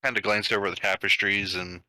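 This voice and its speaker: A man playing in a tabletop game, speaking slowly and trailing off mid-sentence. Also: on the low side, level tone, pushed and bright, rough recording. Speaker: player.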